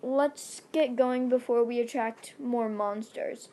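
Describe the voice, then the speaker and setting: A young woman voicing a dry, sarcastic teenage boy who mutters deadpan remarks. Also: on the high side, slow pace.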